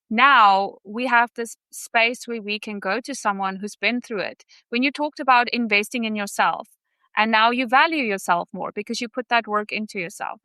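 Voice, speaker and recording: A woman's voice: medium pitch, pushed and bright, clear, resonant tone, no echo. A woman guest telling personal stories on a podcast, heartfelt and earnest. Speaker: podcast guest, sales student. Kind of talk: candid personal storytelling.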